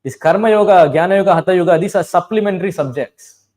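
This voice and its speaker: A man teaches a devotional class, his voice sitting a little higher than most men's. He tells old stories, chants verses and keeps asking his listeners questions. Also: quick pace, darkish tone, rough recording. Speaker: preacher.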